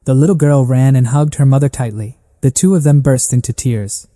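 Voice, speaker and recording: A man narrating a story recap in a steady, even reading. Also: medium pitch, brisk, few pauses, in a large hall.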